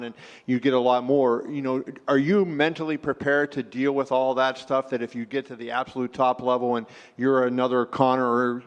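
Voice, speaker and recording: A man's voice: mid-range voice, smooth, long reverb tail. A male reporter asking long, winding questions at a press event. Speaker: interviewer.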